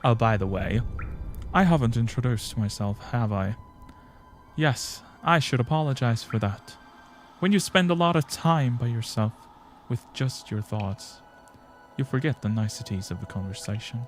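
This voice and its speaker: Chatty cheerful bug cartographer guy, man doing the voice, rambly and friendly, soft game music behind. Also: medium pitch, moderate pace, natural voice. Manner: friendly, rambling, reading dialogue aloud. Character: cheerful male bug mapmaker, chatty wanderer.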